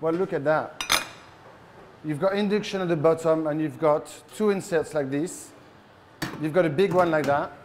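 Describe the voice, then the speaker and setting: A French-accented chef runs a live cooking demo for a big audience, keeping things playful and teasing. His voice, slightly high for a man and a little mellow, moves at a moderate pace, with faint hiss or hum.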